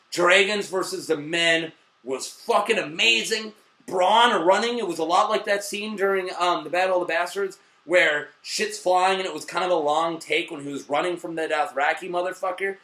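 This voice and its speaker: Male reviewer host, high bright voice, swearing, rambling, excitable, roomy echo. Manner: excitable, profane, rambling with fillers and mock voices. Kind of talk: casual video review chat.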